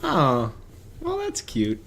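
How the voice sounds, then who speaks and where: A young man talks in loose, rambling podcast chat, joking his way through a movie recap. His voice sits a bit higher than most men's, and he drops into quick impressions now and then. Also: wildly swooping pitch, creaky, a bit bright. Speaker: podcast co-host. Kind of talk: casual chat.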